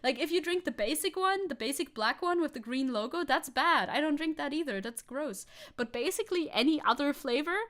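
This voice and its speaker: A young woman from Germany streaming as a VTuber, chatting casually with her audience, reading comments aloud and laughing often. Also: a little fast. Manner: chatty, laughs often, reads chat aloud, jumps high when excited. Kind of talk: casual livestream chat.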